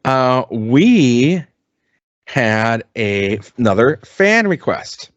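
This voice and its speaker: A man's voice: medium pitch, sing-song, extremely slow, no echo, lo-fi sound. A man co-hosting a podcast, chatting casually and rambling with lots of ums and restarts, swearing freely. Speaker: podcast co-host. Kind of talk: casual chat.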